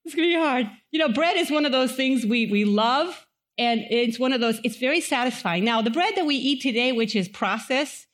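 Woman preacher, slightly high voice, chatty sermon delivery with questions to the congregation. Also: animated, a little fast. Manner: conversational, asks the audience questions, acts out quotes. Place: chapel.

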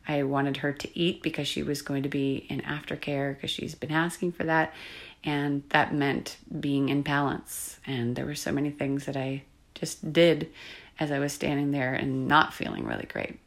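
Low-voiced woman coach with vocal fry, soft and confiding monologue. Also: fairly even intonation, normal speed. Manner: soft-spoken, confiding, drifts into whispers. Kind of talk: reflective solo podcast monologue.

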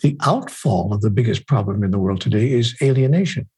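Older man, guest, very husky, warm dark tone, emphatic storyteller. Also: fairly low pitch, animated, fairly quick, low-quality recording. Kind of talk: reflective conversation.

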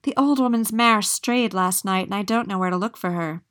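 A woman's voice: mid-range voice, moderate pace, a bit bright, no room sound, studio quality, close to an everyday voice. A woman voicing a humble, earnest young prince in a storybook reading. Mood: worried.

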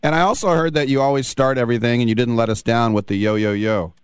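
A man's voice: medium pitch, steady tone, fast, clean tone, no room sound, studio quality. A male radio host asking playful, joking questions in an interview.

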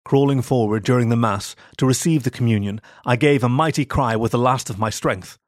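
A man narrating a first-person story in a steady, measured reading. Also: mid-range voice, no room sound, studio quality.

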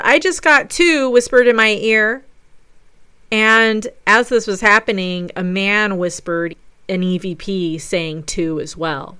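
Bright-voiced woman telling ghost stories. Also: medium pitch, smooth, no room sound. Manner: enthusiastic storytelling. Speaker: paranormal investigator. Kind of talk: narrated recap of a ghost investigation.

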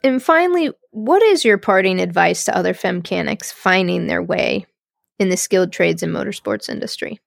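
A woman's voice: on the low side, normal speed, gravelly, no echo, studio quality. A woman hosting a podcast, interviewing a guest and reading the show's outro in an encouraging, upbeat way. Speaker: podcast host.

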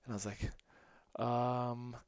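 A man's voice: medium pitch, flat delivery, takes it slowly, clear, resonant tone, dry recording, clean studio sound. Male podcast host, storyteller, earnest and rambling, lots of "like", clean resonant voice. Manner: rambling, many "like" fillers and restarts; earnest and emotional. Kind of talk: personal storytelling.

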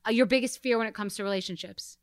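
A middle-aged woman hosting a podcast, firing off blunt questions in rapid, casual chat and swearing freely. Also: mid-range voice, no room sound, clean studio sound. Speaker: podcast host.

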